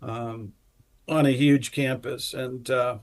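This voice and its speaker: An older man talks in a relaxed, unhurried way. He leans on fillers like "um" and "uh" as he recalls things, in a plain, mid-pitched voice. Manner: reminiscing, unhurried, with many fillers. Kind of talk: casual chat.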